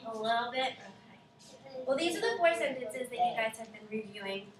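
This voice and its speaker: A woman teaching a class of children, speaking slowly and emphatically and often checking in with "right?". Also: a little high, background noise. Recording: echoey classroom from far off.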